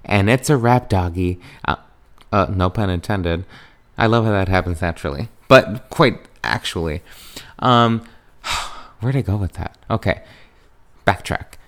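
A young man hosting a podcast in a chatty, rambling way, jumping into high excited tones when he quotes himself. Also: unhurried. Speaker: podcast host. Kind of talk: casual chat.

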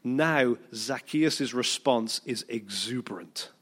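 A British man delivers a sermon with lively storytelling, bringing the people in the story to life by acting out their words. His voice sits at an ordinary middle pitch, and he sometimes stumbles and repeats a word as he speaks. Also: takes it slowly, husky. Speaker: preacher.

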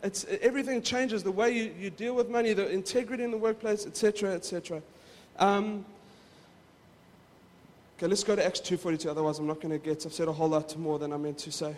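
A man's voice: high-pitched, fairly even intonation, fast talker. A male pastor preaching in a casual, conversational way, often repeating words as he goes. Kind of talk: casual sermon. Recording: reverberant hall.

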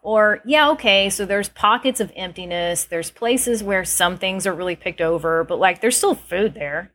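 Woman, homestead vlogger, earnest casual commentary to camera, mid-pitched voice. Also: normal speed, hardly any pauses. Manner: earnest, animated, reads article excerpts aloud.

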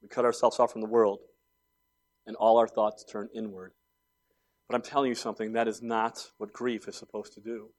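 A man's voice: lowish voice, level tone, moderate pace. Man, forties, pastor, sermon, conversational storytelling, emphatic peaks. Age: 40s.

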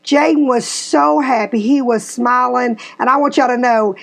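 A woman's voice: fairly high pitch, moderate pace, gravelly. A woman, hosting a podcast and animatedly telling a family story. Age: 50s. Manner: animated storyteller, acts out quotes. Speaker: podcast host. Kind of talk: casual storytelling chat.

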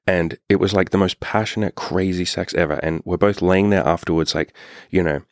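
Low-voiced man telling a blunt story. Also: fairly even intonation, a little fast, a little mellow, no echo, studio quality. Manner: blunt, profane, filler-heavy storytelling. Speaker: dating coach. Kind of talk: casual storytelling monologue.

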